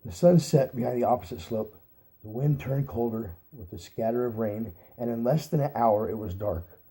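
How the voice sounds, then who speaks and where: A man reads a novel aloud at normal speed in a relaxed, amateur style, backing up to fix his stumbles. His voice is mellow and warm, sitting at a middle pitch for a man.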